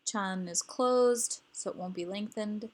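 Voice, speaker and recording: A woman's voice: medium pitch, slow. A woman teaching grammar rules, explaining patiently and repeating each example word.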